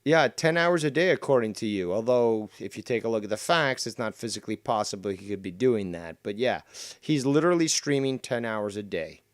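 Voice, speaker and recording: A man hosts a stream and tears into a rival's clip with sneering, profane put-downs. His voice is smooth and clear, recorded close and dry with no room sound. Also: on the low side, expressive, brisk, few pauses, no room sound. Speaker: stream host reviewing clips. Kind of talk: mocking commentary over a clip.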